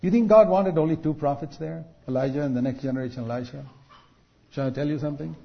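A man preaching a sermon, building to loud, drawn-out emphasis at key points. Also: on the high side, gravelly. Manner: rises to loud, drawn-out emphasis on quoted rebukes. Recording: dull lo-fi recording.

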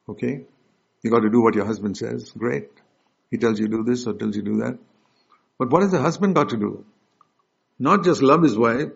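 Emphatic husky male preacher, lo-fi. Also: mid-range voice, brisk. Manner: emphatic, swings between loud stresses and soft asides; direct, addresses the congregation with questions. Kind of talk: sermon. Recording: dull lo-fi recording.

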